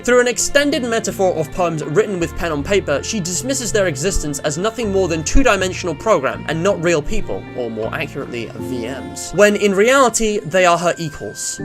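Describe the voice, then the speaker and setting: A man delivering scripted video-essay narration in a measured, analytical way. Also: fairly high pitch.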